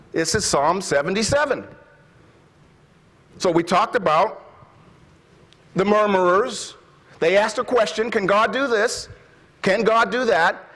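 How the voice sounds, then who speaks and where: High-voiced preacher, impassioned. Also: male voice, husky, long reverb tail. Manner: impassioned, slows and drops to a hush when reading scripture. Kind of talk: sermon.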